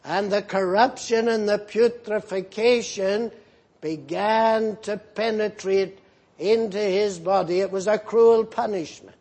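A man's voice: high-pitched, steady tone, slow, darkish tone. A man pastor preaching an earnest, rebuking sermon with emphatic repetition.

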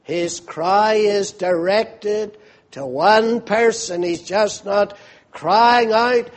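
Male preacher, high voice, slow measured storytelling sermon. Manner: vivid storytelling, asks listeners to picture the scene.

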